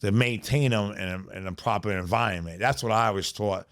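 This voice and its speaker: Here the same kind of speaker comes across brisk, with a fairly low pitch and a fairly bright tone. He's a middle-aged man from the South Bronx whose New York accent carries his profane, streetwise podcast stories, peppered with "you know what I'm saying."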